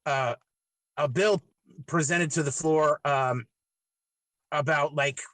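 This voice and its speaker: A man hosting a casual podcast who asks questions in a halting way, repeating words and hedging as he goes. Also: fairly high pitch, fairly bright tone, no echo, low-quality recording. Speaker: podcast host. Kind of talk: casual chat, asking questions.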